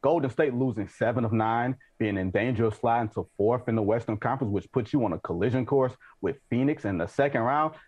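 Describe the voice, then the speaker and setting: A man's voice: mid-range voice, fairly quick, few pauses, darkish tone, slightly rough. Brash man arguing basketball takes. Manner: brash, emphatic, teasing. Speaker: guest analyst. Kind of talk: sports debate talk.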